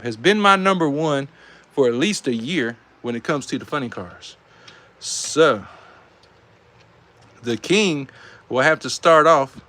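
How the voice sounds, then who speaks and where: A man with a Southern US accent calling live die-cast car races, excitable and saying y'all, reading out times as each heat ends. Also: fairly high pitch. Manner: excitable, calls out race times, says y'all. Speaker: die-cast race host and commentator. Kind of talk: live race commentary.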